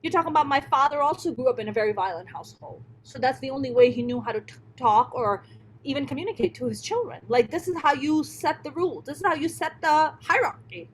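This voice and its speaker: Blunt, high-voiced woman telling her story. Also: expressive, fast, slight background noise, rough recording. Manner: blunt and emphatic, heavy swearing. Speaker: stand-up comedian, guest. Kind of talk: candid interview storytelling.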